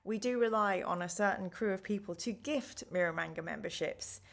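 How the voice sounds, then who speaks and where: A woman's voice: mid-range voice, brisk, creaky. A woman hosting a live gamebook stream, chatting casually and answering viewers by name.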